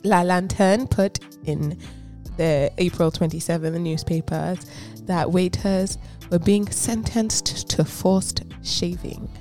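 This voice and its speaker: Woman co-host, lowish voice, casual teasing chat, faint music bed. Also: slow, a little mellow. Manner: laughing, teasing, reads notes aloud. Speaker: podcast co-host.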